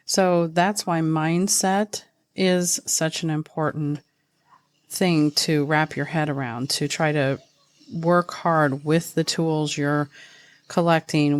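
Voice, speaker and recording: A low-pitched, middle-aged woman speaks alone into her podcast mic in a thoughtful, earnest way. She slows down to press on single words. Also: dry recording. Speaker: podcast host. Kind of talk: reflective solo podcast talk.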